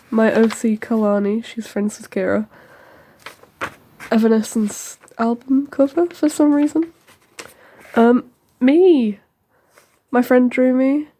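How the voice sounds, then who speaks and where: A teenage girl chatting casually through a tour of her sketchbook, rambling with lots of ums and quick asides. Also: a little high, dark tone, slight background noise.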